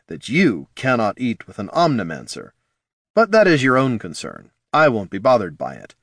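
Male narrator as an unbothered wizard, matter-of-fact, lively phrasing, dry sound. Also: mid-range voice, normal speed, no room sound, heavily acted. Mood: flat. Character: calm, detached male wizard.

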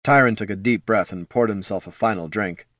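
A man narrating a fantasy audiobook in a lively, expressive storytelling manner. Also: fairly low pitch, brisk, no room sound, studio quality.

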